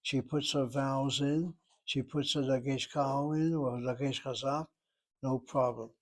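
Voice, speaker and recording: An older man teaching a Hebrew class, patiently explaining and slowly spelling out words. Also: mid-range voice, fairly even intonation. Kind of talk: classroom lesson.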